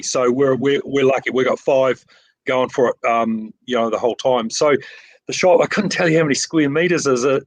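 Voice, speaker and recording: A man's voice: mid-range voice, dry recording, rough recording. Modest New Zealand man on a video call. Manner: modest, rambling, many fillers and restarts. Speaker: framing shop owner. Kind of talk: casual interview.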